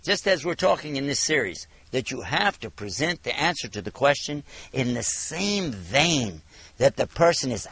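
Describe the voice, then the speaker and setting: Animated man with gravelly voice. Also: mid-range voice, no room sound. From United States. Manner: animated storytelling, acts out dialogue. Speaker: Islamic lecturer. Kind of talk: televised religious lecture.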